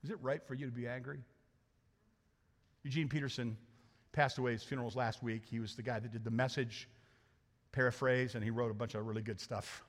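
A pastor preaching a lively sermon to his congregation, joking and acting out the characters as he goes. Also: medium pitch, brisk, long pauses. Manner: animated, joking, acts out characters. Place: church sanctuary. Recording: hall reverb.

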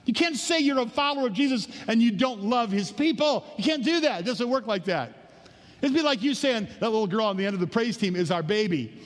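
Animated high-voiced pastor preaching. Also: male voice, fairly quick, big-room sound. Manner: animated storytelling, acting out voices in quotes; conversational, joking with the congregation. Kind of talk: sermon. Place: church sanctuary.

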